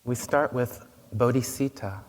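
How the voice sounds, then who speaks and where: A man giving a dharma talk as a Buddhist teacher, gentle and unhurried, telling stories with pauses. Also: mid-range voice. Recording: long reverb, faint noise.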